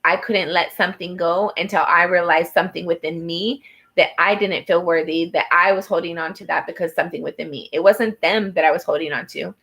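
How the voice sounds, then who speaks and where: This tarot reader speaks briskly in a steady, fairly bright voice on the low side, and the audio is poor. Her personal reading is earnest and encouraging toward the viewer, peppered with fillers and restarts.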